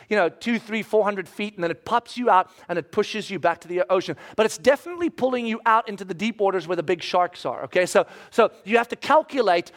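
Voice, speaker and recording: A middle-aged man telling a personal story to an audience, animated, acting out voices and dropping to a hush at tense moments. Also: high voice. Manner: animated, acts out voices, swings from loud excitement to hushed.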